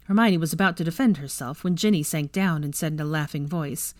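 A woman reading fan fiction aloud with an expressive reading voice. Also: low voice, fairly quick, no room sound, studio quality.

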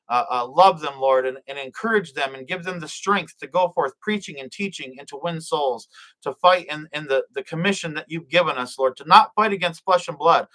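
A man's voice: fairly high pitch, sharp tone, rough recording. A man preaching and praying on his own live stream, fervent and repetitive, often stumbling and restarting his words. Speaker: livestream preacher.

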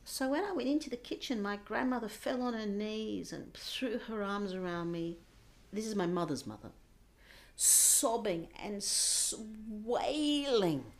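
A woman's voice: mid-range voice, lively intonation, a little slow. Woman telling a painful personal story. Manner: intense, drops to a hushed whisper at times. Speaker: interview guest.

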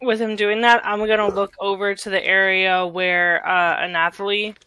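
A woman's voice: medium pitch, flat delivery, normal speed, pushed and bright, smooth, no echo. A woman playing a tabletop game, polite and tentative. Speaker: player. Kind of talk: casual tabletop play.

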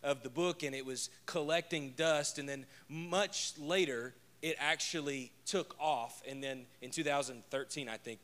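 A man preaching as pastor talks in a mid-range voice with a fairly bright tone. He jokes easily and fills his conversational sermon with personal stories from home.

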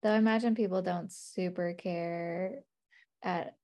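A woman's voice: fairly low pitch, steady tone, measured pace, a little mellow. A woman interviewing a guest in a casual chat, curious and talkative, using lots of "like". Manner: curious, chatty, uses "like" a lot.

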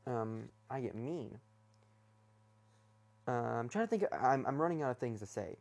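A man's voice: medium pitch, animated, measured pace, gravelly. A young man hosting his first solo talk episode, rambling hesitantly from his bedroom with many fillers and restarts. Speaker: podcast host.

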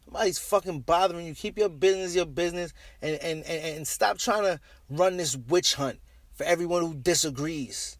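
A man's voice: fairly high pitch, no echo. A man delivering a heated, profane monologue rant as a commentator, blunt and repeating his phrases.

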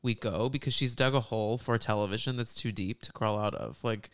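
A podcast co-host in a casual recap chat, relaxed and opinionated, with dry asides. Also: medium pitch, fairly quick, smooth, no room sound.

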